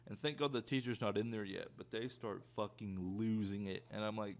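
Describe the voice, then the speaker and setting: A young man tells a casual story, rambling and swearing freely. His voice sits low, with a gravelly fry running through his talk. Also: a little fast. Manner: profane, rambling, animated storytelling. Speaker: YouTuber.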